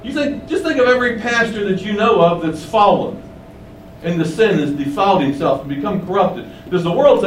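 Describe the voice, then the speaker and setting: Man preaching, emphatic, rhetorical questions, fairly high voice, echoey room, distant mic, faint rumble. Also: animated, a little fast. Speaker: pastor. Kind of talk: sermon. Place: windowless room.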